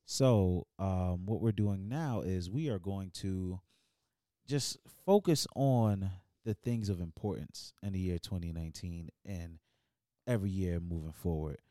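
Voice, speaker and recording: A man's voice: deep voice, unhurried, mellow, no room sound, clean studio sound. A man hosting a podcast, chatting casually, teasing his guest and throwing in preacher-style call-outs. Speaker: podcast host.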